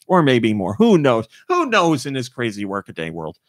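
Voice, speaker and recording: A man's voice: medium pitch, wildly swooping pitch, normal speed, no echo, studio quality. A man hosting a podcast, chatting casually and rambling with frequent fillers. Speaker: podcast host. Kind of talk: casual chat.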